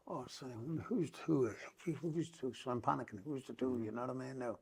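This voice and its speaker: A middle-aged man with an Irish Traveller accent, guesting on a podcast, rambles through a long, emotional story and swears over and over that it's true. He talks fairly quickly with hardly any pauses, in a mid-range voice that's a little mellow and slightly rough, with vocal fry.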